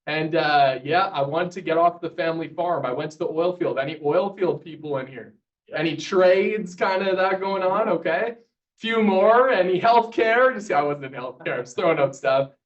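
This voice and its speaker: A man in his twenties from Canada giving an energetic motivational speech to a live audience, telling his story and polling the crowd. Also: high-pitched, moderate pace. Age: 20s. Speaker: motivational speaker. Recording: distant, dull sound.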